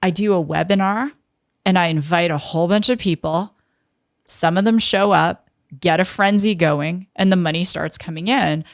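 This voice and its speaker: Woman, fifties, interview guest, lively storyteller, low voice, dry close sound. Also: moderate pace, dry recording. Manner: lively storyteller who acts out quoted dialogue. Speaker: interview guest, tech entrepreneur.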